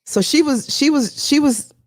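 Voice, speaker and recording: A woman's voice: sits high, normal speed, no room sound, studio quality. A woman co-hosting a live chat show, telling stories bluntly and swearing often. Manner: animated, blunt storytelling with frequent profanity. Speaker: podcast co-host.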